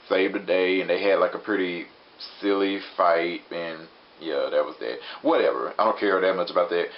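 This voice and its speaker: A young man casually recapping a TV episode in a rambling, chatty way full of filler words. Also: low voice. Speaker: show reviewer. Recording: dull lo-fi recording with faint hiss.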